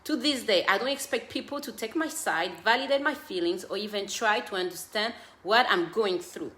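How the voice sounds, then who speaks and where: A woman's voice: a little high, sharp tone. A woman who hosts a parenting show, giving earnest, direct advice to parents and mixing in her own stories. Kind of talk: casual advice talk. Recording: echoey room.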